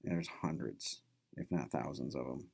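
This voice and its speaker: A man's voice: very deep voice, moderate pace, creaky, a little mellow, breathy edge. A male instructor giving a casual recorded lecture, rambling with many fillers and restarts.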